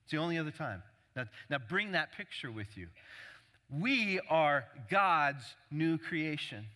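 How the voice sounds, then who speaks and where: A man's voice: on the high side, animated, unhurried, pushed and bright. A man preaching a sermon as a pastor, emphatic, repeating key words and building intensity. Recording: long hall reverb.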